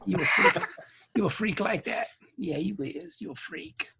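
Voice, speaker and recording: A man's voice: on the high side, fairly even intonation, fast, gravelly, a bit bright, a little hiss or hum. A man playing a boastful, flirty male shapeshifter security chief in lazy slang. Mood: teasing.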